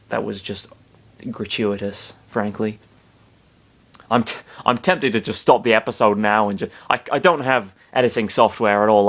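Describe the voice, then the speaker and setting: A man reading fan fiction aloud, breaking off for sarcastic, muttered asides full of swearing. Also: lowish voice.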